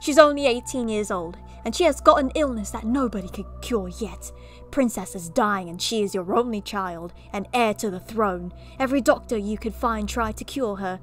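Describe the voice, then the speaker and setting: A woman putting on a deliberately bad British accent to read a dark royal tale as a storybook narrator. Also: medium pitch, faint music behind, natural voice. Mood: mock-grand. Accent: put-on British. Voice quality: exaggerated, self-consciously bad accent. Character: hammy mock-British female storybook narrator.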